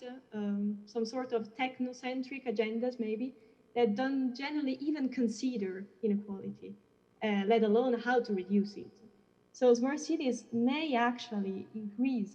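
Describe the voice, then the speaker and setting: A woman's voice: on the high side, darkish tone. A woman adding a comment in an academic panel discussion, hesitant with many fillers. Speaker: panel participant. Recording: dull, reverberant video-call audio.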